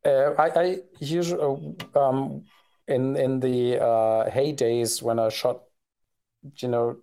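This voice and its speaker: A man's voice: medium pitch, steady tone, takes it slowly, creaky, warm tone. A man co-hosting a podcast in casual conversation, talking hesitantly with many fillers and restarts. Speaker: podcast co-host.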